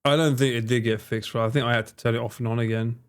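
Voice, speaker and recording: A man's voice: mid-range voice, fairly even intonation, fast talker, smooth. A man streamer giving casual reaction commentary, chatty, laughing and swearing.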